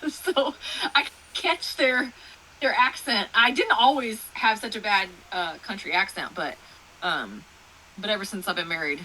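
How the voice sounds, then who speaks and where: A woman from Texas with a Texan accent, telling stories in a rambling, animated way as a guest in a casual interview. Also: medium pitch, a little slow, slight background noise, rough recording. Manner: rambling, animated storytelling with fillers. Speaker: guest author.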